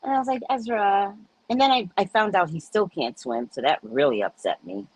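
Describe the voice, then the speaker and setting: Animated, husky-voiced woman telling stories. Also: normal speed, rough recording. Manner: blunt, profane, laughs often; acts out dialogue with big pitch swings. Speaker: podcast host. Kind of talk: casual storytelling chat.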